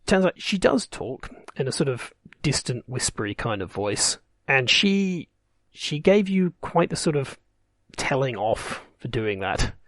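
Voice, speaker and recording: A man's voice: mid-range voice, very animated, unhurried, fairly bright tone, no echo. A man running a tabletop game, narrating in a rambling, wry way that corrects itself as it goes. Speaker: game master.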